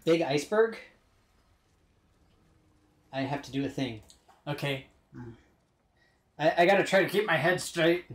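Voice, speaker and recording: A man's voice: on the high side, lively intonation, a little slow, pauses often, roomy sound, poor audio. A man streaming a video game live, talking through it in a chatty, rambling, self-deprecating way and now and then trying out playful put-on accents. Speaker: gaming streamer. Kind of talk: live-streamed gameplay commentary.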